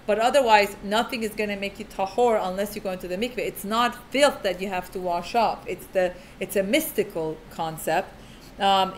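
A woman's voice: mid-range voice, a little hiss or hum. A woman teaching religious family law in a casual, frank, chatty way, often saying "like.". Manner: chatty, full of "like" fillers; frank, down-to-earth. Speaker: teacher of Jewish family purity laws. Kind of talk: casual explanatory talk.

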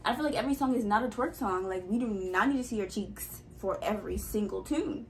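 A woman's voice: medium pitch, brisk, a little hiss or hum, low-quality recording. A woman casually reacting to a song, chatty and rambling, thinking aloud with lots of asides. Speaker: music reaction vlogger.

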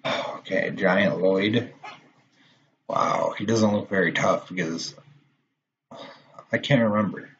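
Low, slow-talking young guy cursing at a game. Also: a bit bright. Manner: swears a lot, quick to frustration. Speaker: gaming channel host. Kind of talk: gameplay commentary. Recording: dull lo-fi mic with faint noise.

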